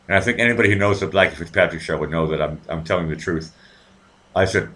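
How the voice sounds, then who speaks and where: A man's voice: low-pitched, lively intonation, brisk, fairly bright tone. A man hosting a live show, telling a story in a rambling, profane, casual way with many restarts.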